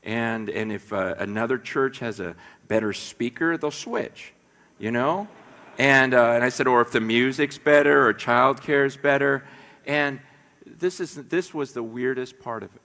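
A middle-aged man from the United States preaching a sermon, telling stories in an animated way and repeating words as he goes. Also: medium pitch, unhurried, vocal fry. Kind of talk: sermon storytelling. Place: church sanctuary. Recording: echoey church hall.

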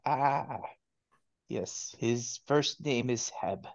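A man voicing a polite, formal male shopkeeper of a magic shop. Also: mid-range voice. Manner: courteous, measured, a bit formal. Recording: dull lo-fi, dry.

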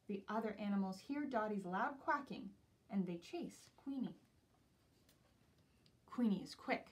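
A woman teacher reading a picture book aloud to young children in an expressive storytelling voice. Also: medium pitch, unhurried, pauses often, recorded from a distance. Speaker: preschool teacher.

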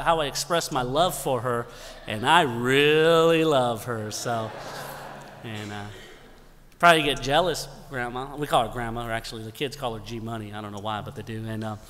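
A man's voice: a little high, fairly bright tone. A man, youth pastor and assistant pastor, telling a folksy joking story and giving church announcements from the pulpit. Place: church sanctuary. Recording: long church hall reverb.

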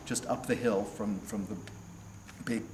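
A man from California with an American accent, recounting his path into stage acting in an unhurried, reflective way, often restarting and trailing off. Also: lowish voice, fairly even intonation, darkish tone. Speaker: stage actor being interviewed. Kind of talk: reflective storytelling interview. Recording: roomy echo, faint background noise.

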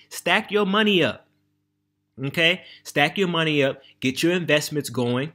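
A man's voice: on the high side, expressive, a little slow, pushed and bright. An American man vlogging about travel and money in an emphatic, conversational monologue, often checking in with his listeners. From United States. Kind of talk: casual monologue to camera.

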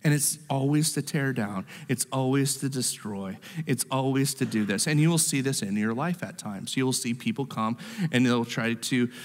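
Pastor preaching in a reverberant hall. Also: male voice, medium pitch, normal speed. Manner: animated, repeats words, acts out quoted voices. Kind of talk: sermon. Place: church sanctuary.

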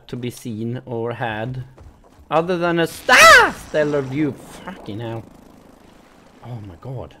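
A man's voice: on the high side, pushed and bright, slight background noise. A man doing let's play commentary, swearing a lot, yelping and shrieking in panic, stuttering as he talks to his viewers. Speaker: gaming channel host.

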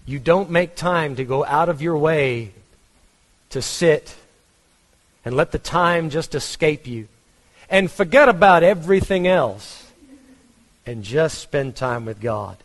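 A man's voice: fairly high pitch, expressive, slow pace, long pauses, long reverb tail. A man with a Texan accent preaching a conversational sermon, asking his congregation questions. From Texas. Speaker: pastor.

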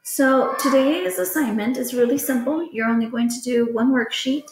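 Woman, teacher, fairly high voice, patient plain explaining to children, recorded lesson, echoey room. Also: moderate pace, noisy background.

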